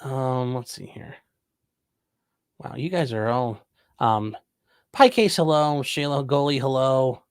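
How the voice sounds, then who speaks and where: A livestream host from Ohio, USA, reads viewer comments aloud and answers with dry jokes in a casual chat. His medium-pitched voice is clear and resonant, a little slow, with no room sound.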